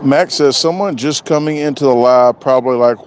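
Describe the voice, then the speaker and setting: A man's voice: medium pitch, normal speed, a little hiss or hum. A man chatting casually on a live stream, rambling and joking, often repeating himself. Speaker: vlogger doing a live stream.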